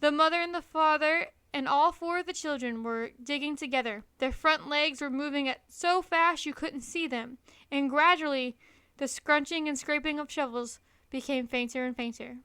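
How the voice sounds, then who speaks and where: A woman reads a children's storybook aloud with an expressive, lively delivery. Her voice is high and bright, recorded close in a dry, dead space. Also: moderate pace, no echo. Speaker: storybook reader.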